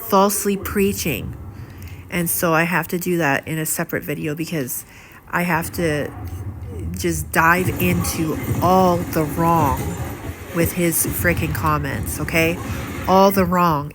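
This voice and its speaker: A woman's voice: fairly low pitch, measured pace. Indignant middle-aged woman vlogging. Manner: indignant, rambling, with many fillers and repeated words. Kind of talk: casual monologue to camera. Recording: steady audible background noise.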